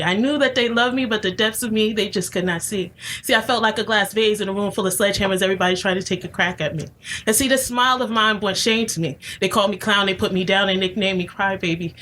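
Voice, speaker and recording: A woman's voice: mid-range voice, bright, forceful tone, a little hiss or hum. A woman from New Jersey performing an emotional spoken-word poem, with a rhythmic, emphatic delivery that keeps returning to "see". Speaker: guest poet.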